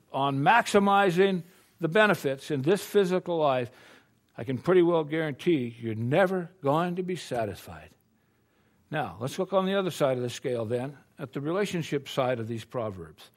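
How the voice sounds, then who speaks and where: An older American man preaches a sermon to his congregation in a homespun, conversational manner. He peppers his talk with rhetorical questions, and his voice sits a little high for a man. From United States.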